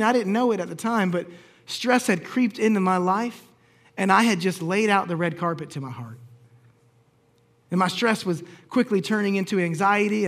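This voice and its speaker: A pastor telling a personal story in a sermon, acting out the lines of the people in it with humor. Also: male voice, high voice, a bit bright. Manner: storytelling, acts out quoted dialogue with humor.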